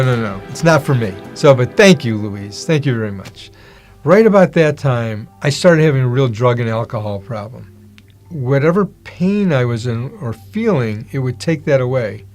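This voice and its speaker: A man's voice: mid-range voice, a little mellow. A man giving a personal testimony, telling his story and acting out the voices of the people he quotes. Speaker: testimony speaker.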